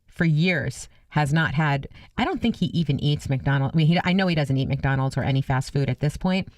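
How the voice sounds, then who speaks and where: A woman's voice: low voice, brisk, a little mellow, no echo. A middle-aged woman co-hosting a radio talk show, chatting casually, exclaiming often and telling stories.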